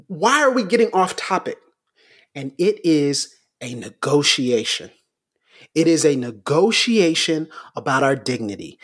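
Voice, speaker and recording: A male podcast co-host delivers fiery talk-show commentary in a slightly high, husky voice. He drives his arguments home by repeating them, his voice climbing until he's nearly shouting.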